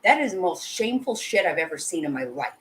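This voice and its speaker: A woman with a low voice gives live commentary to her chat. She talks bluntly and emotionally, swears freely and keeps breaking off and restarting her sentences. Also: very animated, quick pace, fairly bright tone, poor audio. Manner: blunt and heated, with frequent swearing. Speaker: channel host.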